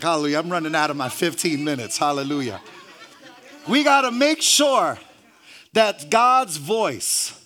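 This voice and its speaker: High, bright-voiced preacher man. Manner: peppers every phrase with "hallelujah", rising to shouts; stumbles and repeats words, jokes with the congregation. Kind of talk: sermon.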